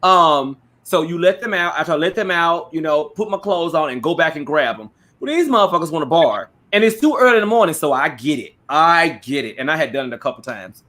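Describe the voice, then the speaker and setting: Animated high-voiced man telling stories. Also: brisk, few pauses. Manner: animated storyteller, swears freely, acts out quotes. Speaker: podcast co-host. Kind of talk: casual gossip chat.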